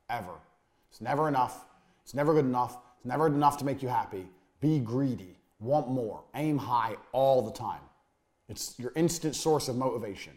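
A man teaching a motivational business course. He talks bluntly, swears, repeats his points for emphasis and lets phrases sink to a low, trailing finish. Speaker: course instructor.

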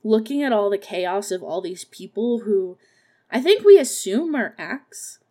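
A young woman with a mid-range, expressive, mellow voice reviews a horror musical on her podcast at a measured pace. She recaps it casually and sarcastically, swearing freely and laughing a little at her own jokes. The whole thing feels loose and unscripted.

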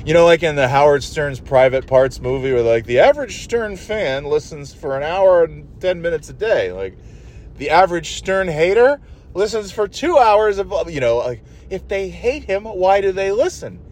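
A man's voice: on the high side, very animated, normal speed, a little mellow. A man hosting his own show, ranting in a profane, exasperated, rambling way while sitting in a car. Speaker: podcast host. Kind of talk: solo rambling rant.

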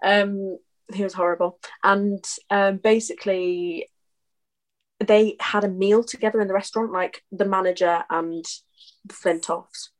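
A woman's voice: medium pitch, steady tone, a little slow. A young woman in her twenties, chatting casually on a podcast and rambling through anecdotes full of ums. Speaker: podcast co-host. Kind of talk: casual chat.

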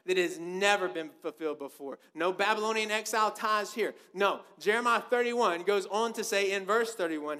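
Man, sermon, emphatic, rhetorical questions, high-pitched. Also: moderate pace, pushed and bright. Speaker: preacher.

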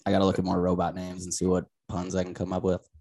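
Gravelly low voiced dude cohosting, halting and full of uhs. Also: male voice, completely flat delivery, a little mellow. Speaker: podcast co-host. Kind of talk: casual crude comedy chat.

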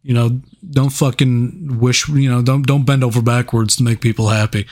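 Casual male co-host, laughing, swearing, animated movie chat. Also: mid-range voice, normal speed. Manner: laughing, profane, animated storytelling. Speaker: podcast co-host.

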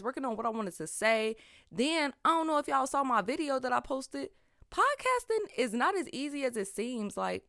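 A woman's voice: sits high, fairly bright tone, no echo. A woman hosting her own podcast in casual, slangy, talkative chat on a close mic. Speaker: podcast host.

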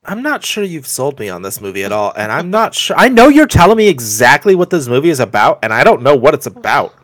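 Hesitant, skeptical man with a lively voice. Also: mid-range voice, fast talker. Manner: hesitant, skeptical, many short replies and fillers. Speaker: podcast co-host. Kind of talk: casual chat.

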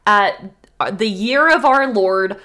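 A woman's voice: mid-range voice, lively intonation, slow pace, pushed and bright. A young woman co-hosting a podcast, telling a history story in casual, chatty talk and swearing freely. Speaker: podcast co-host.

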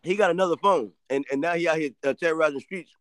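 A man's voice: a little high, fast talker, a bit bright, clean tone, dry recording. A man hosting a casual chat, teasing the others with crude banter and frequent laughter.

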